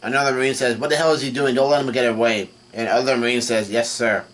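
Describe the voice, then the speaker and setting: A manga reaction vlogger casually recaps a comic while reading it, speaking haltingly with plenty of restarts and fillers. His mid-range voice reads the quoted lines flatly.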